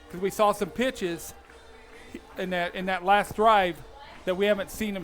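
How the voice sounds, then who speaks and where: A man giving chatty, folksy color commentary on a live high school football radio broadcast, breaking into bursts of enthusiasm. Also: fairly bright tone.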